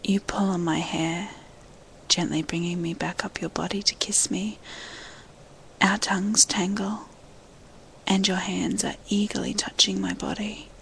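A woman in a whispered role-play, speaking entirely in an unvoiced whisper. Her delivery is slow and level, barely rising or falling, with a gravelly edge where the voice catches. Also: mid-range voice, little pitch movement, slight background noise, poor audio. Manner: slow, hushed, intimate first-person storytelling.

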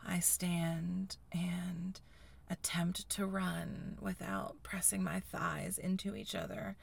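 Woman, breathy sighing whisper, whispered role-play, low and unhurried, fry in the voice. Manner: intimate, hushed first-person storytelling. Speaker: erotic audio narrator.

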